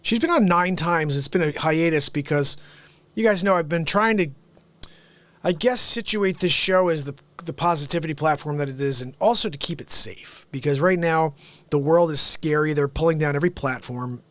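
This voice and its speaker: A man hosting a livestream, riffing comedically and swinging between loud shouts and hushed whispers. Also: fairly high pitch, moderate pace, no room sound. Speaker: livestream host. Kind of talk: rambling comedic riff.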